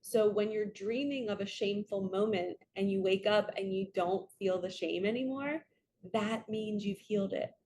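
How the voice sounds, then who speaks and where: A woman's voice: mid-range voice, normal speed, slight background noise. A woman spiritual coach giving an earnest, chatty reading, often checking in with "right?" and acting out quotes in her stories. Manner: animated storytelling with acted quotes.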